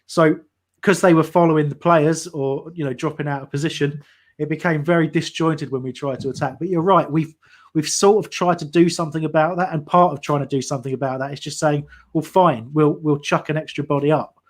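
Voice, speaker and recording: A fairly high-voiced man talks through a football match as it unfolds on a fan watch-along stream. He is chatty and thinks aloud, often restarting his sentences as he works through his point. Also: fairly even intonation, fairly quick. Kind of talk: live football commentary and analysis.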